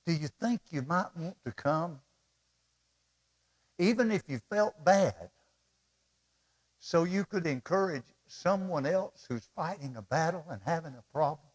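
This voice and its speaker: A middle-aged man preaching a sermon as pastor, emotional and pleading, swinging from loud appeals to soft asides. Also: fairly high pitch, animated, a little slow, long pauses.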